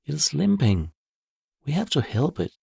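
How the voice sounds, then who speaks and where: A man voicing a caring young girl in a storybook, speaking gently and with sympathy. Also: fairly high pitch, big pitch swings, moderate pace, gravelly, slightly rough, no room sound, clean studio sound, voice pushed up, full character voice.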